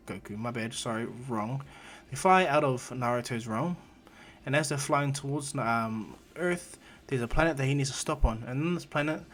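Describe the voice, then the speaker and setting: A man casually improvising a fan story aloud, rambling and correcting himself as he goes. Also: mid-range voice.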